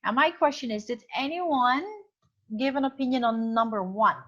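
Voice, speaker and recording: A woman's voice: on the high side, expressive, moderate pace, a bit bright, dull audio. A woman teacher giving an online class. She explains through many examples and thinks aloud with fillers. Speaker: English teacher.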